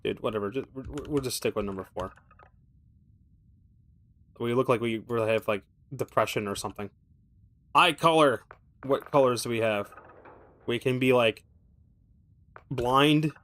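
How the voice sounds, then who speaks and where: Streaming a game, this man talks through his thinking in casual, rambling commentary, swearing freely and tossing in wry jokes at his own expense. His medium-pitched, fairly bright voice moves at a measured pace with frequent pauses.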